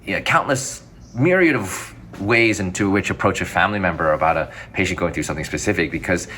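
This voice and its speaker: A man being interviewed as a physician guest, talking casually in quick, rambling answers that restart and self-correct. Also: low voice, bright, forceful tone, slight background noise.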